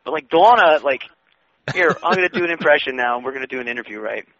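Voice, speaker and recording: A man's voice: mid-range voice, expressive, fast, a bit bright, dry recording. A man co-hosting a podcast in casual chat, crude and joking, rambling from point to point. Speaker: podcast co-host. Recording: muffled lo-fi audio with faint hiss.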